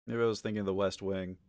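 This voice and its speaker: A man streaming live, chatting casually with his viewers, swinging from mumbled asides to loud exasperated ranting, with lots of swearing. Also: fairly low pitch, no echo, clean studio sound. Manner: profane, argumentative.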